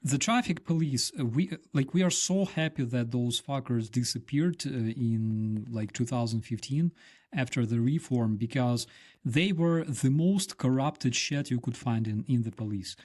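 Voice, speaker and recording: Casting: Ukrainian veteran guest, mid-pitched male voice, halting with fillers, swears bluntly. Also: darkish tone. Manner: swears freely, hesitant with many fillers. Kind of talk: casual interview chat.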